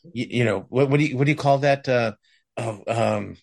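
A man's voice: mid-range voice, normal speed, vocal fry, darkish tone. A man co-hosting a podcast, chatting casually and rambling with many fillers and restarts. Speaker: podcast co-host. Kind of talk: casual chat.

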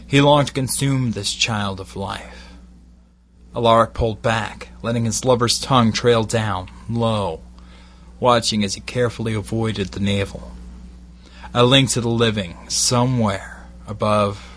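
A man with a Glaswegian accent slowly reading an erotic bedtime story in a measured, intimate way. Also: on the low side, a bit bright. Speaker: narrator.

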